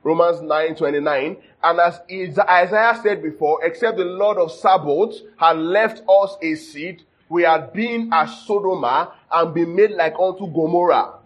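Male preacher, high and husky, conversational teaching sermon, dull recording. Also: a little slow, few pauses. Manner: checks in with the audience often, jokes and laughs. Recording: dull lo-fi sound.

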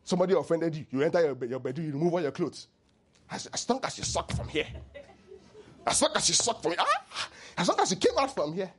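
A man preaching a sermon as pastor, animated and teasing, leading the congregation in call-and-response. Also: a little high, fast talker, slightly rough.

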